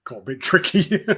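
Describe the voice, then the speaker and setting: A man hosting a podcast, rambling through profane, casual stories with quick asides. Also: high voice, creaky, pushed and bright, husky. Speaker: podcast host. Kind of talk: casual chat.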